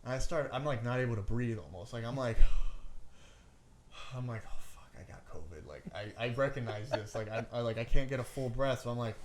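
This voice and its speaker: Over background noise, a podcast co-host with a mid-range voice talks fast, barely pausing, as he tells a long story in casual chat. He rambles, constantly saying "like" and "I'm like," swears casually, and calls people "bro."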